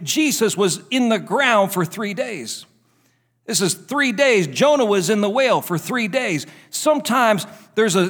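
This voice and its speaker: A man's voice: high-pitched, fairly bright tone. A male pastor delivering a sermon, fervent and emphatic, repeating phrases for effect.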